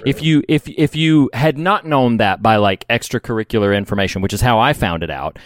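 A man's voice: medium pitch, a little fast, dry recording, studio quality. A man co-hosting a podcast in playful, jokey casual chat. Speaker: podcast co-host.

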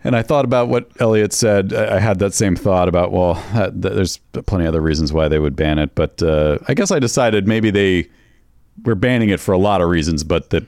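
A man's voice: deep voice, fairly quick, a little mellow, no echo, studio quality. A man co-hosting a podcast in casual chat, rambling and hesitant. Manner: rambling, hesitant, many restarts. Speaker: podcast co-host.

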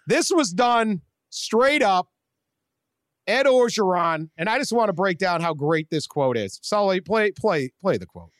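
A man hosting a casual sports podcast, animated and laughing often. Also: sits high, unhurried, no room sound. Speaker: podcast host.

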